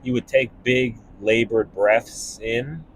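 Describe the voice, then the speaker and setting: A young man, a stand-up comedian, talking casually and animatedly while driving, breaking into laughs and quick voices. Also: medium pitch, a little hiss or hum. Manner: animated, laughing, jumping into impressions. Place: car.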